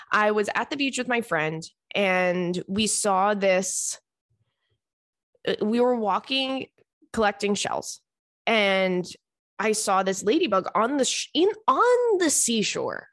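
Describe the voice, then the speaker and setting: A woman hosting a podcast, telling funny stories in a chatty, animated, self-mocking way. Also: mid-range voice, no echo, studio quality. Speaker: podcast host. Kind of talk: casual comedic storytelling.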